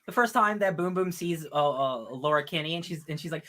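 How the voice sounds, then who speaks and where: A podcast co-host in casual chat, excitable and acting out comic lines with big jumps in voice. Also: mid-range voice, fairly quick.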